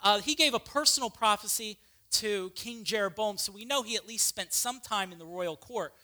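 A preacher delivering an animated, conversational sermon with casual asides. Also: mid-range voice, moderate pace.

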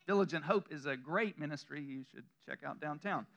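Southern male pastor, high bright voice, preaches in a loose conversational way with chuckles and self-deprecating asides. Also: normal speed, creaky, highs cut off. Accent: Southern American. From Southern United States. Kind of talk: sermon. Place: church room before a congregation.

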